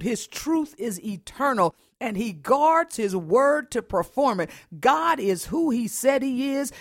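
A woman preaching a devotional sermon, her voice carrying a gravelly edge. She builds rhythmic repeated phrases up to emphatic peaks and reads scripture aloud. The recording is dry and close. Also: fairly high pitch, dry recording.

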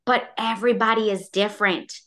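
A woman talking candidly as a podcast guest, expressive and loose, full of filler words and acted-out quotes. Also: medium pitch, fairly quick. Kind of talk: candid casual conversation.

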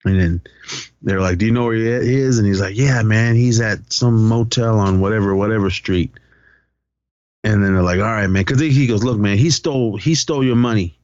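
Low-voiced man recapping a movie. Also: normal speed, a little mellow, no room sound, lo-fi sound. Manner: loose storytelling, acts out quotes, profane. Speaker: podcast co-host.

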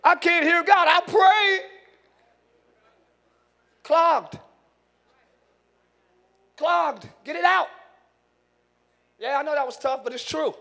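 Male pastor preaching in church, really high voice, big shouty bursts then chatty asides. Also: moderate pace, long pauses. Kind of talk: sermon.

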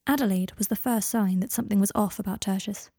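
A woman narrating a fan fiction audiobook in a calm, even reading voice. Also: medium pitch, quick pace, creaky, slightly rough, no room sound, studio quality.

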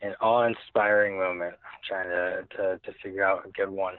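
A man's voice: low-pitched, flat delivery, moderate pace, dry recording. A young man telling a personal story as an interview guest, rambling with many restarts and fillers. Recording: tinny phone-like line.

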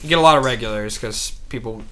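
A young man chatting casually on a podcast, telling animated work stories and jumping into high voices to quote people. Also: fast talker, slight background noise. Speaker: podcast co-host. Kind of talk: casual chat.

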